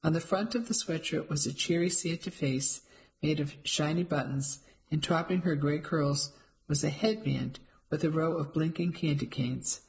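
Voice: mid-range voice, moderate pace, vocal fry, low-quality recording. A narrator reading a cozy mystery aloud in the first person, with a light, wry delivery.

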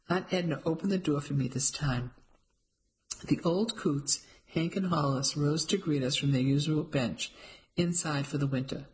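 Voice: mid-range voice, moderate pace, poor audio. First-person storybook narrator, light and wry, mid-range voice.

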